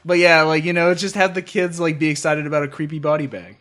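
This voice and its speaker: A man's voice: fairly high pitch, fairly even intonation, fast talker, fairly bright tone. A man co-hosting a podcast in casual chat, laughing often and restarting his sentences. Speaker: podcast co-host.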